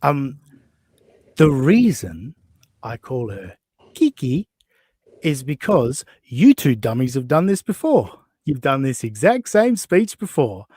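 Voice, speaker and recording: A man's voice: medium pitch, very animated, takes it slowly, warm tone, breathy edge, no room sound. Aussie guy ranting on a podcast, sarcastic, swears a lot, voice jumps all over. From Australia. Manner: profane, mocking, sarcastic. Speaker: podcast host. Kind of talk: casual chat reacting to clips.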